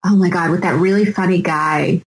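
A woman chatting casually on a podcast, rambling and animated as she tells a story. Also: lowish voice, a little fast, echoey room, poor audio.

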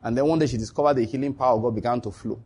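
A man preaching a sermon, telling stories with lively acted-out dialogue and frequent laughter. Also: medium pitch, racing, slightly rough. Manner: animated storytelling, laughs often, acts out dialogue.

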